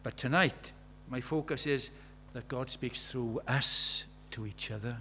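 A man preaching a sermon, conversational and animated, swinging from loud exclamations to quiet, intimate tones. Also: mid-range voice, unhurried, slight background noise. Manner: conversational, uses quoted dialogue and filler words.

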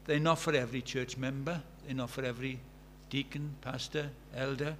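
At a moderate pace and with fairly even intonation, a man in his sixties preaches in a mid-range voice. The sermon is earnest, sprinkled with stories, and reaches fervent emphasis. A faint hum runs underneath.

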